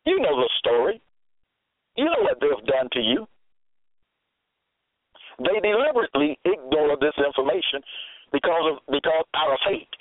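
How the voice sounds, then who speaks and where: A man's voice: fairly high pitch, sing-song, moderate pace, long pauses, dry recording. A man preaching a sermon, exhorting and scolding his listeners and repeating his phrases. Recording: tinny phone-like, dry sound.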